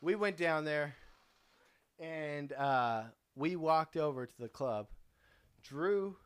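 A man's voice: on the high side, slow, clean tone. Rambling, profane young man telling a story. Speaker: podcast host. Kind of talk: casual storytelling.

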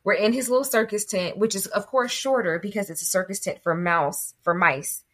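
Woman, podcast co-host, casual chat, animated, swears freely, mid-pitched voice. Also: normal speed. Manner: animated, profane retelling. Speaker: podcast co-host reviewing a film.

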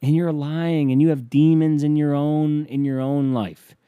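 A man's voice: a little high, steady tone, a little slow, clear, resonant tone, no echo, narrow, tinny audio. A man ranting as a comedian in a profane, sarcastic, rambling monologue.

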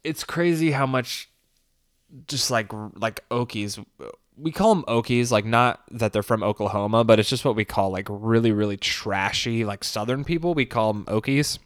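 A man's voice: mid-range voice, normal speed, dry recording, studio quality. A man casually recapping a documentary, rambling with fillers, restarts and laughs. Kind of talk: casual commentary.

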